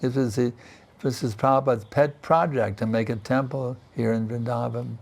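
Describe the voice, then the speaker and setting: A man's voice: mid-range voice, fairly even intonation, normal speed, vocal fry, a little mellow. An older man teaching a scripture class in a temple, talking in a chatty way and often asking "isn't it" and "you see". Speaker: spiritual teacher giving a class. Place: temple in Vrindavan.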